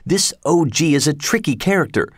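A nervous chorus master who dodges every question in a low, careful tone, voiced by a man. He speaks higher than a plain narration. It is a figure in a storybook reading. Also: lively intonation, moderate pace, slightly rough, dry recording, clean studio sound. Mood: evasive. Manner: hushed and evasive.

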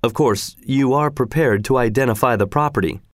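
Shrewd genial male detective, as a man reads him, measured persuasive speech, slowish, dry recording. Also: mid-range voice, no room sound, close to an everyday voice. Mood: cheerful.

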